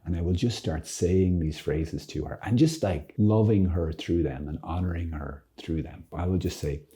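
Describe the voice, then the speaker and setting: A male priest gives a casual teaching talk, playful and joking with sudden lively bursts. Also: low-pitched, normal speed. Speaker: Catholic priest and friar.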